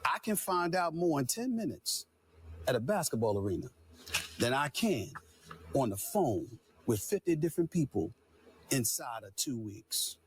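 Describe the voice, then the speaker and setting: Forceful husky-voiced man, very animated. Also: mid-range voice, moderate pace. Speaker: sports commentator. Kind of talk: heated on-air commentary.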